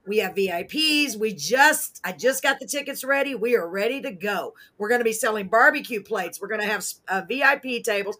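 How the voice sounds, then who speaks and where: A woman hosting a live talk show, chatting casually in an excitable, goofy, rambling way and correcting herself as she goes. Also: mid-range voice, a little fast, hardly any pauses. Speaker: host of a live radio and web talk show.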